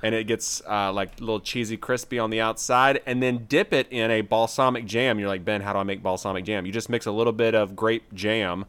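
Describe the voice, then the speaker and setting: A man co-hosting a casual podcast, chatty and quick to laugh. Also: fairly low pitch, clean tone. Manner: animated, laughs often. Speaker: podcast co-host. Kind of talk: casual chat.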